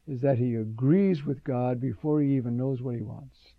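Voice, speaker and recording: A man's voice: medium pitch, moderate pace, no room sound, narrow, tinny audio. An older man, a priest preaching a sermon, reflective and storytelling, with sudden emphatic rises.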